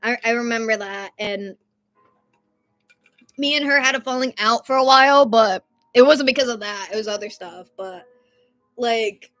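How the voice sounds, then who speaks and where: Chatting through stories on a casual live stream, a young woman in her twenties rambles and now and then gets loud. She speaks at a moderate pace with frequent pauses in a fairly high, very bright voice, while quiet, soft music plays behind her.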